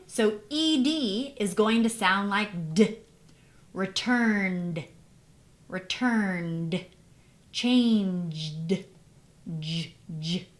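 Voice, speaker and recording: A woman teaching English pronunciation, modeling word endings carefully and asking the learner questions. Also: mid-range voice. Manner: clear, careful, deliberate modeling of sounds. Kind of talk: recorded teaching lesson.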